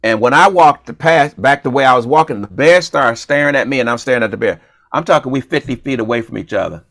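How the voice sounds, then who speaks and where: A man's voice: medium pitch, fast talker, dry recording. A man chatting casually as a co-host, spinning a comic story with playful energy and putting on voices for the people in it. His voice sits mid-range and sounds close and dry, with no room around it. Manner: animated, playful, acts out dialogue. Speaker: comedian and show co-host.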